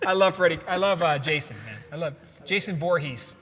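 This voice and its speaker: A man's voice: high voice, brisk, a bit bright, faint music behind. A man hosting a casual podcast, joking and laughing often as he reads memes aloud. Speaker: podcast host. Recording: long hall reverb.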